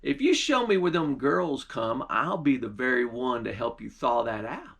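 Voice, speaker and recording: A man's voice: medium pitch, animated, normal speed, creaky, a bit bright, slightly rough, heavily acted. A man doing a sly, easygoing country lad. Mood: coaxing.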